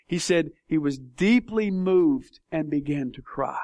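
A man's voice: on the high side, animated, measured pace, a little mellow, no room sound. A man preaching a sermon, passionate and emphatic, with big swings in intensity. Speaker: pastor.

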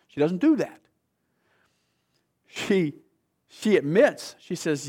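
A man preaching a sermon with animated storytelling, his voice sitting a bit higher than most men's. He acts out the people in the story and sinks to soft, hushed lows for emphasis. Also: unhurried, pauses often. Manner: animated storytelling, acting out quoted voices, soft dramatic drops.

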